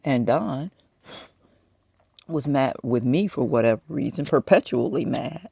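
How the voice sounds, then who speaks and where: A man's voice: mid-range voice, expressive, unhurried, vocal fry, dark tone, husky, dry recording, studio quality. A man in his fifties talking to the camera in a personal monologue, venting his frustration as he tells a story. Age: 50s.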